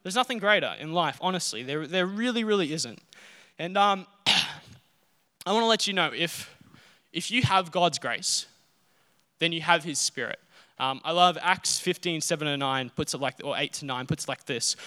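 A man's voice: on the high side, normal speed, pushed and bright, clean tone. Earnest male preacher in a reverberant hall. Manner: earnest, personal storytelling with restarts. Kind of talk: sermon.

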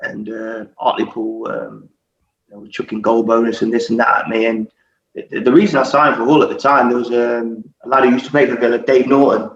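A man's voice: medium pitch, brisk. A middle-aged man, a former footballer, telling stories in casual chat, swearing often and laughing as he goes. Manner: sweary, laughing, animated storyteller. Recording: echoey, distant, dull audio with faint noise.

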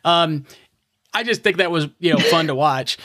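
An American man with a bright, fairly high voice hosts a relaxed interview, teasing his guest with playful questions. The sound is dry and close. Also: normal speed, dry recording. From United States. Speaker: podcast host. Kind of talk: casual interview.

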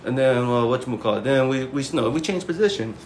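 A man's voice: medium pitch, lively intonation, fast talker, slight background noise. A man casually telling a crude personal story on a podcast, laughing and acting out quotes in a raised voice.

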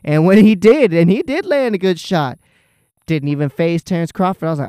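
A man giving a casual, excited, profane reaction to a fight, rambling and restarting his sentences as he talks. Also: on the high side, normal speed, smooth, no echo, studio quality. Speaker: vlogger.

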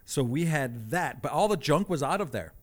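A man telling a comic personal story, animated with deadpan asides. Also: fairly high pitch, normal speed.

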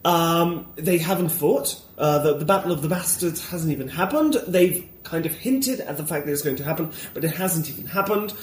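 A man's voice: on the high side, normal speed, few pauses, reverberant, a little hiss or hum. A man talking as a guest in a casual conversation, enthusiastic and opinionated, wandering off on tangents.

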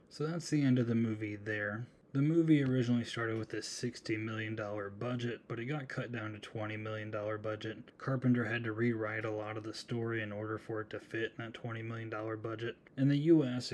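A man's voice: fairly low pitch, a little hiss or hum. A man hosting a solo horror movie podcast, casually retelling a film's plot with chatty asides. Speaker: podcast host.

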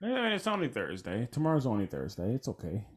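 A young man co-hosting a podcast in relaxed conversation. His voice sits a little low, and he talks in a loose, laid-back way, swearing and laughing as he goes. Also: fast, slightly rough. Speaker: podcast co-host. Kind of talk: casual chat.

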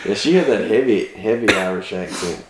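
A man's voice: fairly low pitch, expressive, moderate pace, a loud crowd. A man chatting casually about a film, laughing often and agreeing with his co-host. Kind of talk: casual movie discussion. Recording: echoey room with faint noise.

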